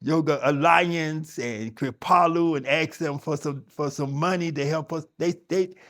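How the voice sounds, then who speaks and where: A man's voice: a little high, a little slow, fairly bright tone. A middle-aged man teaching yoga, talking conversationally and emphatically to his audience, often restarting his sentences. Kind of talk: spoken talk to a yoga audience.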